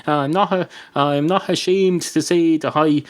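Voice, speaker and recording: A man's voice: on the high side, steady tone, normal speed, slight background noise, voice pushed up, close to an everyday voice. Rambling male talking dog at a pub, defensive and chatty, a man voicing it in a storytelling joke. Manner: rambling, self-justifying.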